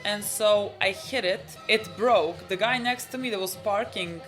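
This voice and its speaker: A woman's voice: medium pitch, unhurried, soft background music. A woman co-hosting a reaction show, chatting casually and telling stories with lots of laughter. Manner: chatty, animated storyteller who laughs often. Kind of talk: casual chat reacting to an anime episode.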